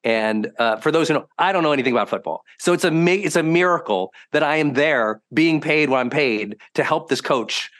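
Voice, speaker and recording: A man hosting a podcast, a high-performance coach telling stories in a lively, conversational way and acting out quotes with sudden bursts. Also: a little fast, hardly any pauses. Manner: animated, swings into loud acted quotes. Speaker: host.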